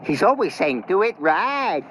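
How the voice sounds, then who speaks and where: A man's voice: high voice, very animated, unhurried, a bit bright, a little hiss or hum, pitched above the performer's own voice, full character voice. A man doing a cheeky mocking little engine. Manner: mocking, impish. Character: cheeky mischievous male tank engine twin.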